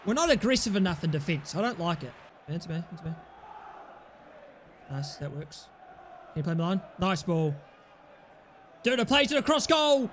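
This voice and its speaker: A man giving excitable live commentary over his own football video game, muttering calls to teammates and then yelling at misses, with cheeky, sweary banter. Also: high voice, moderate pace, long pauses, slight background noise. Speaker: gaming YouTuber.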